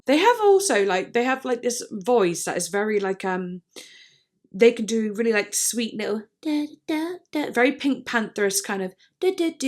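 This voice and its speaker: Musing woman reacting to an album. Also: medium pitch. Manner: musing, hesitant with many fillers. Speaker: music reaction host. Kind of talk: casual album reaction commentary.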